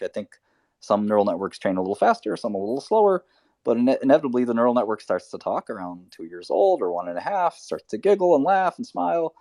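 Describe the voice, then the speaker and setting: A man's voice: medium pitch, vocal fry, darkish tone, dry recording, studio quality. A man hosting a live audio chat, thinking aloud in a rambling casual way with lots of fillers. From Albanian family background. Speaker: host. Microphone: remote voice chat.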